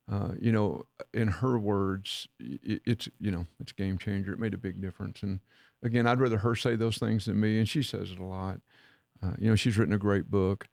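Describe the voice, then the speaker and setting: Gravelly man telling stories. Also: on the low side, darkish tone, no room sound, studio quality. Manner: folksy storyteller acting out quoted dialogue. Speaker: podcast co-host and leadership mentor. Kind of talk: casual storytelling chat.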